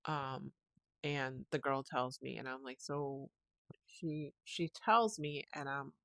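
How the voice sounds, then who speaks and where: Gravelly-voiced woman rambling through her week. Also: very deep voice, takes it slowly, fairly bright tone, no echo. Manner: rambling, restarts sentences, retells phone calls. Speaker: podcast host. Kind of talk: casual solo podcast monologue.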